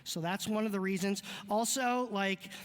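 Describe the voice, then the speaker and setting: Brief: male pastor, fairly high voice, loose joking sermon style, long church-hall reverb. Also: normal speed, clean tone. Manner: joking, conversational, chatty asides. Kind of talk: casual sermon. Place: church sanctuary.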